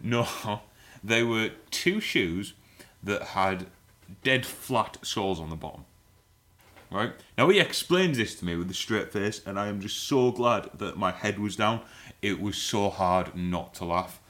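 A man with a low, bright and forceful voice, spinning a rambling comic story in casual podcast chat. He swears freely and laughs as he goes. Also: expressive, unhurried. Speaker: podcast co-host.

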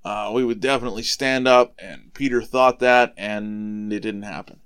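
A man hosting a podcast, casually retelling a Bible story for children, relaxed and conversational, explaining things simply. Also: on the low side, moderate pace, clear, resonant tone. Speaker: podcast host retelling Bible stories for kids.

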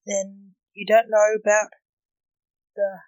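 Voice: mid-range voice, completely flat delivery, slow pace, no echo, muffled recording, lightly acted. Blake: a reader doing a moaning, dour man. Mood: gloomy. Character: gloomy Blake, a weary emperor figure, male.

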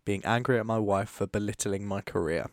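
A man's voice: fairly low pitch, brisk, no room sound, clean studio sound. A man co-hosting a podcast, telling stories in casual, joking chat. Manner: chatty storyteller, quips. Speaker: podcast co-host.

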